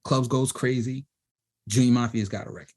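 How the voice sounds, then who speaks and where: Brief: middle-aged New guest, husky voice, lively storyteller who mimics quoted people. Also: male voice, medium pitch, fairly quick. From Brooklyn, New York. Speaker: DJ and producer guest. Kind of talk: storytelling in a panel interview.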